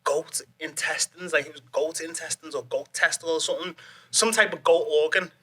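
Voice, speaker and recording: A man's voice: on the high side, fairly even intonation, a little fast, pushed and bright, husky. A young man, a guest on a podcast, telling a story in rambling casual chat, swearing freely and laughing often. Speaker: guest, MMA fighter.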